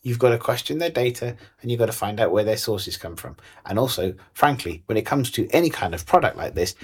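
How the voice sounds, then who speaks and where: A man's voice: mid-range voice, animated, fairly quick, husky. A man co-hosting a podcast, arguing his case in a reasoned way and reading listener comments aloud. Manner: reasoned, argumentative, reads listener messages aloud. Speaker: podcast co-host. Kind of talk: casual chat.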